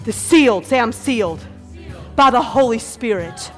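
A woman preacher giving an energetic sermon and calling on the congregation to repeat phrases, laughing often between points. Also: fairly high pitch, moderate pace. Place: church hall with a congregation. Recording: hall reverb, faint background music.

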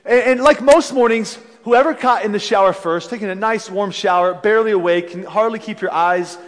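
A man preaching a sermon as a pastor, telling stories in an animated way with frequent restarts. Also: sits high, a little fast. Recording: long reverb of a large hall.

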